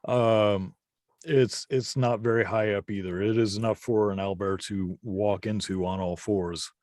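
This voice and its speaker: A man running a tabletop game as game master, narrating scenes in an unhurried, descriptive way with the odd chuckle. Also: on the low side, fairly even intonation, a little mellow, dry recording, clean studio sound.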